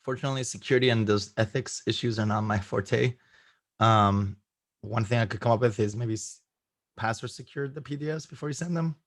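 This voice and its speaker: Hoarse man presenting on a video call. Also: mid-range voice, fairly quick, no echo. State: hoarse, losing his voice. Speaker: guest presenter.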